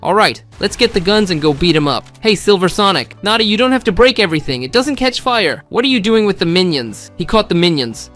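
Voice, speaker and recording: A man giving excitable gameplay commentary, often shouting exclamations to his viewers. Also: sits high, brisk, hardly any pauses, faint music behind. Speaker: gameplay video host.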